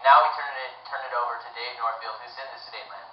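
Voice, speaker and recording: A man's voice: medium pitch, fairly even intonation, rapid-fire, lightly acted. A young man playing a formal news anchor on a mock broadcast, reading with small stumbles. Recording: roomy echo, distant, dull, faint hiss.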